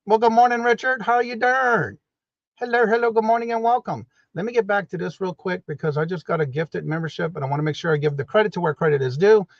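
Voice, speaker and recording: A man's voice: high-pitched, fast, no echo, muffled recording. Chatty man hosting a morning live stream. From New Orleans, Louisiana. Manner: chatty, greets viewers by name. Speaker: livestream host. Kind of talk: casual live-stream chat.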